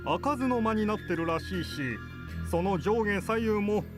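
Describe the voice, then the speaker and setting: An actor playing a polite, well-informed male writer who talks in a brisk, chatty way on a phone call in a game. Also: high voice, over music. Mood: casual, knowing.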